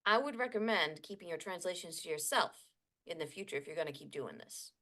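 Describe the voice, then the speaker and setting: A woman's voice: lowish voice, lively intonation, fairly quick, sharp tone. A woman playing a tabletop game, speaking bluntly and sternly in character. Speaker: player. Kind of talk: tabletop role-play.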